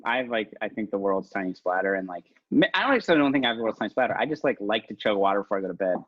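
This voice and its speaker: Husky-voiced man rambling with laughs. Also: on the low side, animated, racing, no echo. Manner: rambling and self-mocking, with many restarts and laughs. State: new father. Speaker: podcast guest. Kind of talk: casual podcast conversation. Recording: dull, lo-fi dry audio.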